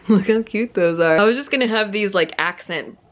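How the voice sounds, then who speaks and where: A woman's voice: mid-range voice, normal speed. A young woman vlogging at home, venting in a rambling, self-mocking way with lots of "like" and filler. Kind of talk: casual vlog chat.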